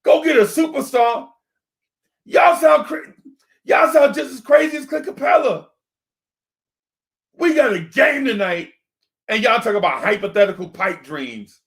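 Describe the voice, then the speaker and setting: A man hosting a sports fan talk stream into a desk microphone. He rants in an animated, repetitive way and keeps yelling the same rhetorical questions. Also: very high-pitched, a little slow, gravelly, long pauses. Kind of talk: live-streamed fan rant.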